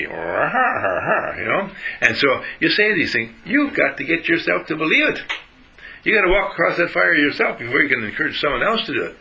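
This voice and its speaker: A man's voice: a little high, very animated, moderate pace, vocal fry, bright, forceful tone, rough recording. A man giving a motivational spiritual lecture, emphatic, repeating phrases and asking his listeners questions.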